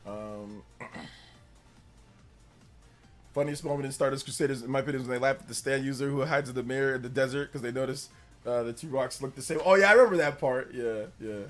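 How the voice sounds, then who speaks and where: A young man chatting casually on a live stream, animated, laughing often and breaking into high character voices. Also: a little fast, soft background music.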